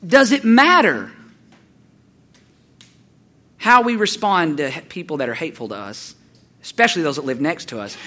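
A male pastor, preaching a sermon in an animated, folksy storytelling manner. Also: a little high.

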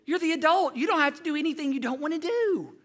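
A man's voice: animated, fast talker, a bit bright. A man voicing himself as a cheeky young boy who pleads and bargains with his father. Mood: wheedling. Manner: high wheedling plea.

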